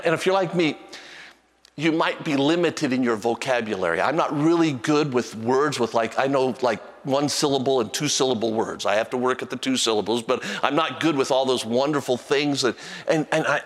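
A man preaching a sermon as pastor, animated and repeating himself with restarts, at times singing a hymn softly. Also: mid-range voice, in a large hall. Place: church sanctuary with long reverb.

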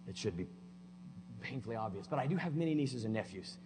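A man preaching a sermon in a church, folksy and plainspoken, swinging between loud emphatic declarations and quiet conversational asides. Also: on the low side, expressive, fast. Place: church sanctuary. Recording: long hall reverb with faint hum.

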